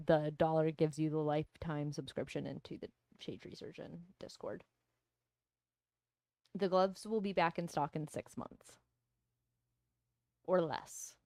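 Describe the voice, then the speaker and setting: Female co-host, laid-back and chatty; lower pitch, dry close sound. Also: no echo. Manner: relaxed, chatty, many fillers. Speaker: podcast co-host. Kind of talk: casual live-stream banter.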